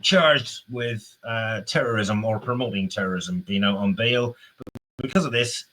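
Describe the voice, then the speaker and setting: A man rants angrily, swearing freely and tumbling over his own restarts. His voice sits fairly low and carries a husky, breathy edge. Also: normal speed, fairly bright tone. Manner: profane, heated, rambling with restarts. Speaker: political commentator. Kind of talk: angry spoken rant.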